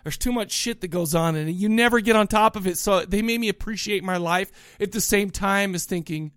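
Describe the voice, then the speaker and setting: A man's voice: sits high, a little fast, a bit bright, clear, resonant tone, no echo, clean studio sound. A man co-hosting a podcast, talking in an emotional, rambling casual chat. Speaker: podcast co-host.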